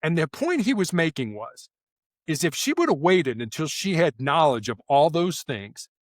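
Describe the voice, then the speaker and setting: Brief: man as interview guest, lively pitch, a touch high, dry close mic, acts out quotes in voices. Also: moderate pace, no echo. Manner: animated, acts out quoted lines in character voices. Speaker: guest, former SWAT officer. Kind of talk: storytelling interview answers.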